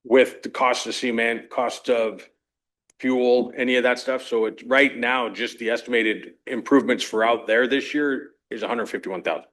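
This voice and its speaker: A man's voice: mid-range voice, steady tone, normal speed, fairly bright tone. A man reporting to a council on projects and budgets in a plain, businesslike way with some fillers. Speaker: staff member reporting on projects. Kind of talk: meeting report.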